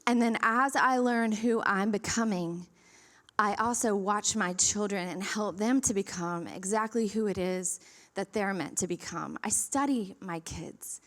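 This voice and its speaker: A woman's voice: mid-range voice, measured pace. A woman in her thirties giving a storytelling sermon at a church service, acting out the voices in her story and laughing along as she goes. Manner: animated, acts out quoted voices, laughs through stories.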